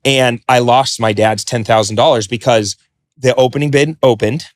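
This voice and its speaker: A man telling a story as a podcast guest, animated, acting out quotes and swearing freely. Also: medium pitch, moderate pace, no echo. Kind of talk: podcast interview.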